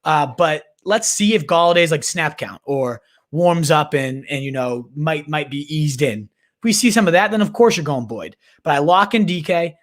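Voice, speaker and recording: A man's voice: on the high side, lively intonation, moderate pace. A man hosting a live fantasy football Q&A, talking in a hyped, slangy way, often restarting mid-sentence. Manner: hyped, slangy, calls viewers "baby" and "my dude"; restarts and repeats words while thinking aloud. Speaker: fantasy football livestream host. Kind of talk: casual live Q&A chat.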